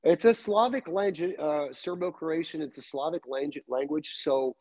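Serbian-accented guest, middle-aged man, chatty storyteller, slightly high, dry. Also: moderate pace, no room sound. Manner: animated, loose storytelling with many fillers. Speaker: podcast guest. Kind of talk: casual chat.

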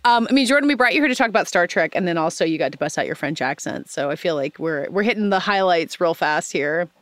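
A woman's voice: on the low side, fast, dry recording. A woman hosting an awards-season podcast, chatting casually with fillers. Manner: relaxed, chatty with frequent fillers. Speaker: podcast host. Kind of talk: casual chat.

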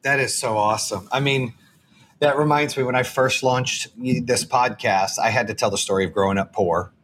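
A man's voice: mid-range voice, moderate pace, a bit bright, a little hiss or hum. A man hosting a podcast, chatting casually and earnestly, rambling with frequent restarts. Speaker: podcast host. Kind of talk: casual interview chat.

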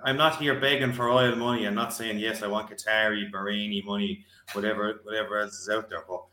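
A man's voice: fairly low pitch, steady tone, brisk, sharp tone. A man on a football podcast, speaking hesitantly with many fillers. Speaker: podcast co-host. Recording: echoey room.

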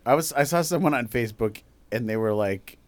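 A man's voice: mid-range voice, lively intonation. Dry, wry man talking art. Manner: dry, wry, halting restarts. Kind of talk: casual chat about art.

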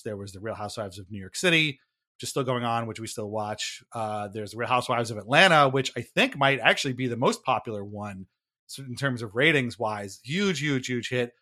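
Chatty wry man with a bright voice. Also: mid-range voice. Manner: chatty, wry, laughs at himself, trailing restarts. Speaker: podcast co-host explaining a reality show. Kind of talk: casual podcast chat.

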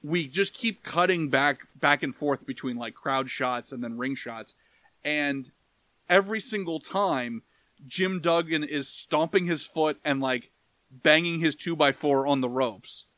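A man's voice: a little high, unhurried, pushed and bright, no echo. A man in casual podcast chat reviewing a movie, rambling and profane, breaking into goofy impressions. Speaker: podcast co-host.

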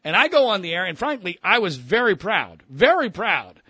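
A man, a radio host, telling a story casually with profanity and animated mimicry. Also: high-pitched, normal speed, few pauses, breathy edge, dry recording.

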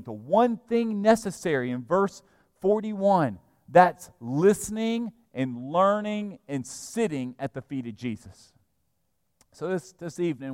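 A man preaching a sermon as pastor, emphatic and animated, sometimes acting out the people he describes. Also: medium pitch, dry recording, clean studio sound, long reverb tail. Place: church sanctuary.

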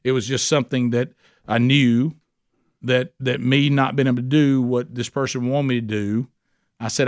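A man's voice: medium pitch, steady tone, moderate pace, no echo, clean studio sound. A male pastor preaching a sermon in a folksy, conversational way, often asking the listeners questions.

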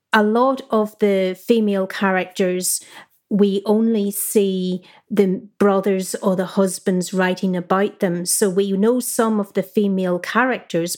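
A woman historian being interviewed, explaining her subject in a clear, measured, conversational way. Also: mid-range voice, darkish tone. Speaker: historian guest.

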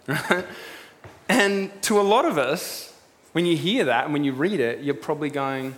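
A man preaching a sermon, retelling a story in a lively way and acting out what its figures say. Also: on the high side, normal speed. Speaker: pastor. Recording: long reverb with faint room noise.

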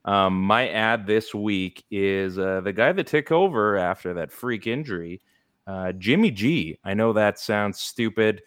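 A man's voice: fairly low pitch, a little slow, fairly bright tone, clear, resonant tone, no echo, clean studio sound. A man hosting a casual sports podcast, rambling through advice with lots of fillers. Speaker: podcast host. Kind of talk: casual fantasy sports chat.

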